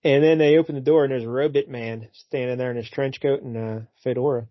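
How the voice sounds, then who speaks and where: A man's voice: medium pitch, fast, no echo, dull audio. A man co-hosting a casual podcast, joking and retelling scenes. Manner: relaxed, joking, retells scenes with quoted lines. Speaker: podcast co-host. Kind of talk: casual comic book chat.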